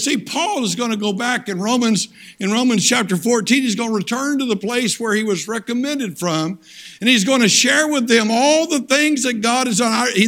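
A man preaching a sermon as a guest speaker, telling stories and slipping into loud character voices. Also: very high-pitched. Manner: storytelling preacher, swings into loud acted voices.

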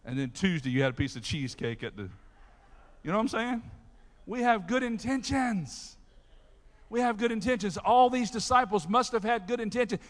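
A man preaching a sermon as pastor, talking straight to his congregation in an animated way. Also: high voice, normal speed. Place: church sanctuary. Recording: long reverb of a large hall.

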